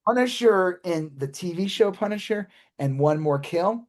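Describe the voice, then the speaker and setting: A man's voice: sits high, lively intonation, normal speed. A man co-hosting a podcast, chatting loosely about a movie, swearing casually and trailing off mid-sentence. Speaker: podcast co-host.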